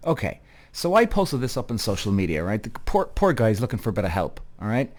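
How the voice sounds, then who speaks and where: Irish male podcast host, animated and rambling, swears casually, self-deprecating. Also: fairly low pitch, fairly quick. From Ireland. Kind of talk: casual solo podcast monologue.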